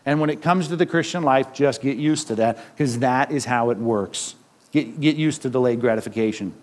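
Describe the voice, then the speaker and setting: A man's voice: mid-range voice, normal speed, darkish tone. A middle-aged man, a pastor with kids, preaching a conversational sermon full of rhetorical questions.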